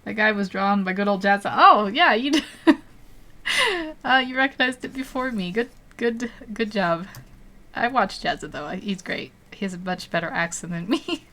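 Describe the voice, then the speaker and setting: A woman's voice: medium pitch, lively intonation, moderate pace, pushed and bright. Giggly woman chatting while drawing. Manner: chatty, thinks aloud, laughs often. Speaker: digital artist streaming. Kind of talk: live-stream chat while drawing.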